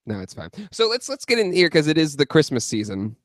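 A man's voice: a little high, wildly swooping pitch, brisk, no room sound, clean studio sound. A man from San Diego co-hosting a podcast, talking earnestly and hesitantly with lots of fillers about his home teams. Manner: earnest, hesitant, many likes and ums. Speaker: podcast co-host. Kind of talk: casual sports chat.

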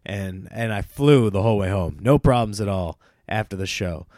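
A man's voice: mid-range voice, normal speed, no room sound, clean studio sound. Man telling a rambling road-trip story. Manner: rambling, with many fillers and excited restarts. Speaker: stand-up comedian. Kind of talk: casual storytelling monologue.

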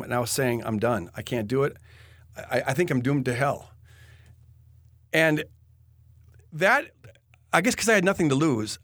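A man telling a personal faith story in an earnest, halting way, often restarting his sentences. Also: on the high side, fairly bright tone, dry recording, studio quality. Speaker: guest telling his testimony.

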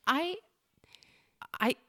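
A middle-aged woman co-hosting a podcast, chatting casually and telling a story, lively, sometimes dropping to a whisper. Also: drawn-out words. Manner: animated, drops to whispers when telling spooky parts. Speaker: podcast co-host.

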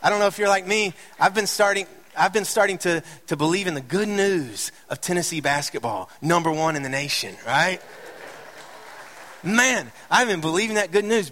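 A man's voice: high voice, expressive, moderate pace, a bit bright, a little hiss or hum. A middle-aged man preaching a sermon as a pastor, conversational with light joking asides, building to impassioned emphasis. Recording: reverberant hall.

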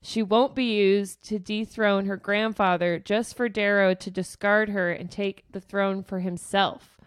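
A woman co-hosting a podcast, recapping book chapters in casual chat, animated and swearing freely as she acts out characters' lines. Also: medium pitch, a little slow, smooth, no echo, studio quality. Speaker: podcast co-host.

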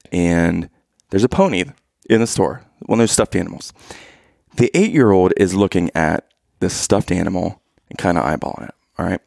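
A man's voice: sits low, gravelly, darkish tone, no echo, studio quality. A man telling dad jokes to his wife and laughing at his own punchlines in a playful, casual way. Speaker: joke-telling husband. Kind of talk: casual dad-joke storytelling.

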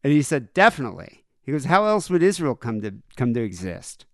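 With a medium-pitched voice and a brisk delivery, this podcast co-host tells a story in casual chat and plays both parts of a conversation in an animated retelling. The studio sound is clean, with no room sound.

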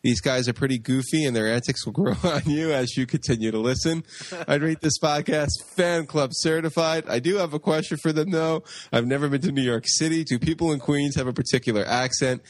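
A man's voice: on the high side, steady tone, fairly quick, no room sound. A man co-hosting a casual podcast, goofy and joking as he reads a listener review. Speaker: podcast co-host.

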